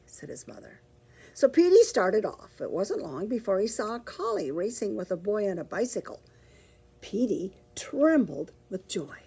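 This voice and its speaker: A woman librarian reading a picture book aloud to children, with expressive, animated storytelling. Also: medium pitch, moderate pace, slightly rough.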